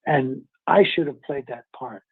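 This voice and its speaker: A man's voice: mid-range voice, measured pace, creaky, husky. An older man from New York City telling stories in a casual interview, rambling and chuckling as he searches for names. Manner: rambling, chuckling, loses names mid-story. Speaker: actor being interviewed. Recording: tinny phone-like call audio.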